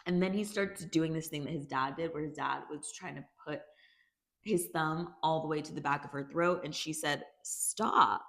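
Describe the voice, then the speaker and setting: A woman casually recapping a TV season for a video, chatty and animated, breaking off with her own reactions. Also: sits low, moderate pace, vocal fry. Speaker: YouTube recap host.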